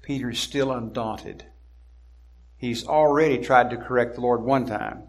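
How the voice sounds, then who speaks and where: A male preacher delivering an expository sermon at a deliberate pace. He leans hard on his key words and drags them out for emphasis. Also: mid-range voice, fairly even intonation.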